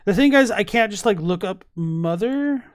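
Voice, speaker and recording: This streamer, a man reacting to game lore, talks casually on his live stream, reading chat and musing aloud with lots of fillers and false starts. He speaks at normal speed in a high voice with lively intonation and a clean tone, the studio sound free of any room noise.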